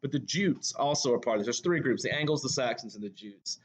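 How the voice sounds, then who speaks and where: A man's voice: medium pitch, quick pace, a little hiss or hum. A male English teacher with a Southern US accent giving a recorded lecture. He talks in a conversational way, full of fillers and self-corrections. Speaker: high school English teacher.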